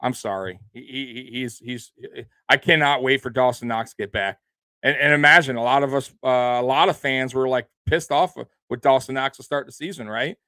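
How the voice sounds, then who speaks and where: Bright and forceful at medium pitch, this male sports-show host speaks at a normal speed with no echo. His angry rant about his team is packed with swearing and repetition, with "man" and "bro" tacked onto his lines.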